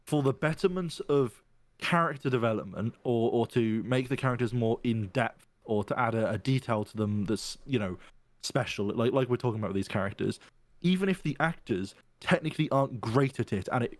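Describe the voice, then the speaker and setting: A man's voice: mid-range voice, expressive, moderate pace, dry recording. A man in casual podcast chat, thinking aloud and rambling through restarts as he argues his point.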